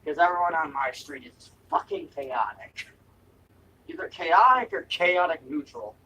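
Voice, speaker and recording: A young man rambles through a casual snack-tasting vlog with a slightly high, very lively voice that jumps around in pitch. He talks in an unhurried way, cracks jokes, giggles and swears freely. He sits a little back from the microphone in a room at home. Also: husky, far from the mic, poor audio. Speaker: food review vlogger. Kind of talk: casual taste-test vlog. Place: room at home with window open.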